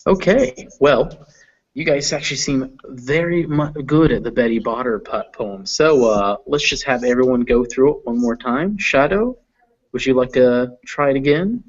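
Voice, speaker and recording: A man's voice: mid-range voice, normal speed. A man coaching pronunciation over voice chat, patient and encouraging, his explanations padded with ums and uhs. The audio is dull and lo-fi. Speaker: English pronunciation teacher. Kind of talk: online pronunciation lesson.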